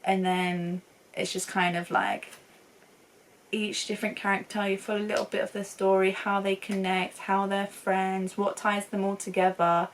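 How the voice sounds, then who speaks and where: A woman's voice: medium pitch, level tone, normal speed, recorded from a distance, a little hiss or hum, low-quality recording. A young woman chatting casually and enthusiastically as a film reviewer, laughing often. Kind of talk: casual chat.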